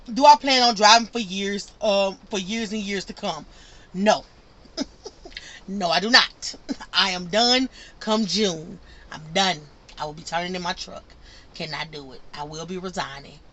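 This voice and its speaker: Bright, chatty woman telling her story. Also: medium pitch. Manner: chatty, repeats herself, acts out quotes. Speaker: truck driver vlogger answering questions. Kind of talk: casual Q&A vlog.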